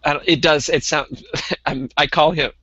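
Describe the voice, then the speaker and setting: A man co-hosting a casual hobby podcast, talking in a relaxed way with lots of ums and uhs. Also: fairly high pitch, moderate pace, slightly rough, dull audio. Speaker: podcast co-host.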